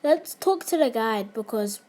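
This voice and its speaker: A woman's voice: a little high, a little slow, a little hiss or hum. A young woman chatting casually and giggling while she plays and streams an online game. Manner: chatty, giggly, easily excited. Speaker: gamer streamer.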